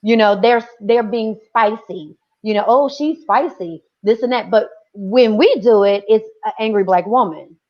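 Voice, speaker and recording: A woman in her forties on a discussion panel, telling stories in an animated way and acting out other people's lines. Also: mid-range voice, moderate pace, few pauses, muffled recording. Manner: animated storytelling with quoted voices.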